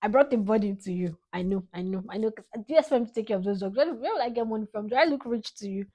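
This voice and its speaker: Expressive young Nigerian woman vlogging. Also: on the high side, racing. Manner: expressive and dramatic, laughing between lines. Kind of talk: heartfelt tribute to her father.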